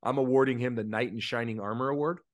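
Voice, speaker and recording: A man's voice: medium pitch, fairly even intonation, fast talker. Earnest, emotional man coach talking. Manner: earnest and openly emotional, many fillers. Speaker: youth baseball coach. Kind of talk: casual podcast chat.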